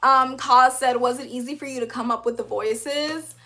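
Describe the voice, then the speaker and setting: High, upbeat young woman livestreamer. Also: normal speed. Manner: animated and upbeat, laughs often, uses slang. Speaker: livestream host, animator. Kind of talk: casual livestream chat reading comments.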